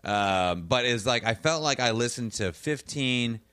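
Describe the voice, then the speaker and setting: A man in casual chat, sardonic and quick to swear. His pitch swings widely as he talks. The recording is dry and close. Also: expressive, pushed and bright, smooth, no echo.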